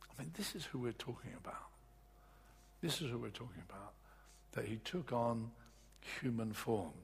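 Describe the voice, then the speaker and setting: Man, sermon, raspy fry-laden voice, recovering from lost voice, echoing hall. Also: mid-range voice, lively intonation. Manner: earnest, halting, with many restarts. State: voice recovering from loss. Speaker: preacher. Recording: echoey hall.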